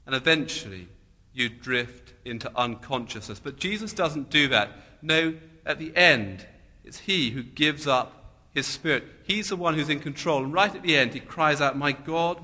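A man preaching a sermon in a slow, deliberate way, repeating key phrases with emphasis. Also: mid-range voice, bright, forceful tone. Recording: long hall reverb.

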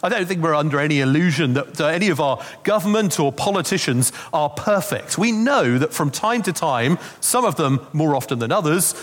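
A man's voice: fairly high pitch, expressive, fairly quick, hardly any pauses. A man preaching a Christmas sermon, telling stories in a conversational way with asides. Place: church. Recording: long reverb of a church hall.

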